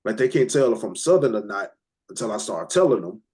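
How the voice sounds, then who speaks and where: A man's voice: on the low side, animated, fairly quick, a little mellow, husky. An American man, a hip hop producer, chatting casually as a guest, laid-back, swearing freely and stumbling over restarts. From United States. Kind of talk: casual interview chat. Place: lives abroad, remote call.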